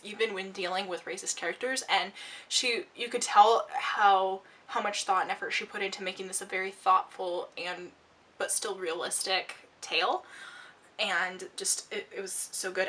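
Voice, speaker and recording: A woman gushes about a book she loved, talking casually with plenty of fillers and restarts while she works on her makeup. She sounds a little out of breath, and her tone is bright and forward. She sits a little back from the microphone, so her voice comes across slightly distant. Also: mid-range voice. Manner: gushing, excitable, lots of fillers and restarts. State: a bit out of breath. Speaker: book reviewer and makeup vlogger.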